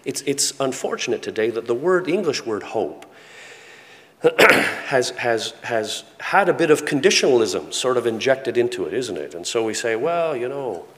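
A man preaching a sermon in earnest tones, often repeating words and dropping to a soft, hushed voice. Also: mid-range voice, very animated, moderate pace. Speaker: pastor. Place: church sanctuary with a congregation. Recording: long reverb of a large hall.

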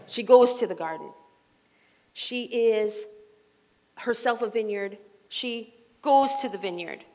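A middle-aged woman leading a Bible study group in a chatty, animated way, full of asides and fillers. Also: medium pitch, low-quality recording.

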